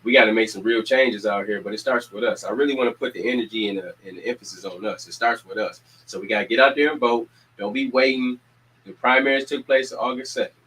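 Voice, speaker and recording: An energetic community organizer and show host rallies his neighbors through casual announcements, using preacher-like repetition and spirited calls to action. His voice is medium-pitched and fast. The recording is rough.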